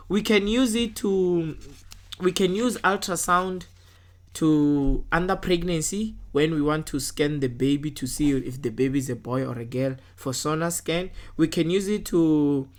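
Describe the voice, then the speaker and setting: Casting note: woman, very low voice, patient science tutor walking through test answers, keeps asking "right?". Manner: checks in often with "right?"; talks through worked answers step by step.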